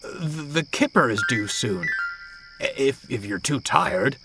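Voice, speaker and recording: A man's voice: mid-range voice, animated, slow pace, music in the background. A man voicing a shy, kind young diesel engine who stammers and is eager to help. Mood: nervous.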